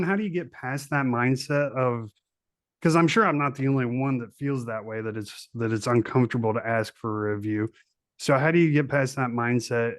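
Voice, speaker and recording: A man hosting a business podcast, asking questions in a halting way, with restarts. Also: mid-range voice, fairly bright tone, no room sound, clean studio sound. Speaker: podcast host. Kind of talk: podcast interview.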